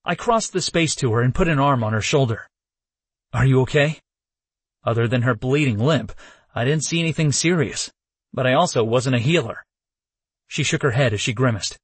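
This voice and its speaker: Husky, expressive male narrator. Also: medium pitch, no echo. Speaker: audiobook narrator. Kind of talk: first-person fiction narration.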